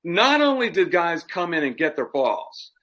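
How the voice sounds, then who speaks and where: A middle-aged man with a bright, lively voice tells a rambling anecdote in casual podcast chat. His pitch swings widely as he acts out the story, and he often laughs along with it. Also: unhurried. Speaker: podcast co-host.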